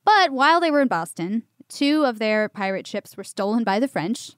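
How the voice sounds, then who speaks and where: A woman's voice: fairly high pitch, normal speed, clean tone, no room sound, studio quality. Laughing woman telling pirate history. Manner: animated, laughs often, swears casually. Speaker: podcast co-host. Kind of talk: casual storytelling chat.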